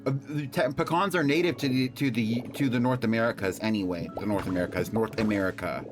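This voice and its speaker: A man's voice: mid-range voice, fast. A man chatting casually with his viewers on a live stream, rambling and playful while he builds. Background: background music.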